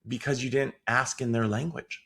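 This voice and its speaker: A man's voice: mid-range voice, fairly even intonation, normal speed, pushed and bright, breathy edge. A man who is a guest on a sales podcast, giving advice in a confident, emphatic way. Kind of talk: casual interview chat.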